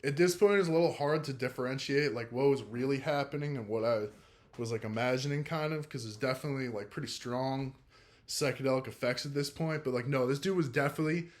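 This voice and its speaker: A young man telling a story from his own life in a loose, profane way, with a steady stream of "like" between his words. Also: medium pitch, fast. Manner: laid-back, profane, heavy use of filler "like". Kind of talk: casual first-person storytelling.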